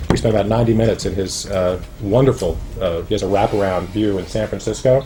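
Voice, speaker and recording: A man's voice: lowish voice, steady tone, fast, background noise. A man giving an informal talk about his book to a small audience, chatty and wry, with many fillers and restarts. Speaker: author speaking at a roundtable.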